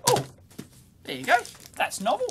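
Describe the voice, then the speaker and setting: A middle-aged man with an Australian accent, hosting a casual unboxing video from his electronics lab in an excitable, rambling way full of exclamations and slang. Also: normal speed, slight background noise. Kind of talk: casual unboxing and teardown commentary.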